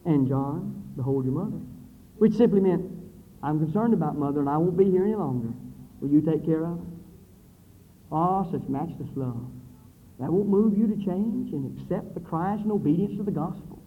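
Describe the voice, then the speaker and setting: A man preaching a sermon with dramatic swings between loud declaiming and low, hushed passages. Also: moderate pace. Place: church building with brick wall. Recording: phone-like thin sound in a reverberant hall.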